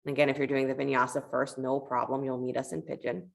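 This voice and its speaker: A woman leads a yoga class in a low, gravelly voice. She talks with calm encouragement, weaving gentle cues between the poses and a story she tells. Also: fast. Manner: calm, encouraging cueing with a parable told in between. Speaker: yoga teacher.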